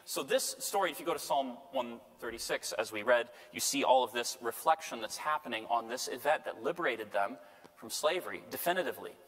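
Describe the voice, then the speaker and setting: A man's voice: medium pitch, expressive, a little fast, fairly bright tone. Male priest lecturing in an echoey hall. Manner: conversational, checks in with "right?". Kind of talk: Bible study lecture. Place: parish lecture room. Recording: long hall reverb.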